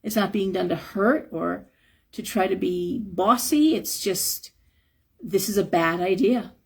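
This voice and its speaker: A hoarse woman reads tarot cards live with a gravelly, crackling edge to her voice. Her tone is husky and a little worn. She talks frankly, giving advice, with the odd chuckle. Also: mid-range voice, unhurried. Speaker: tarot reader.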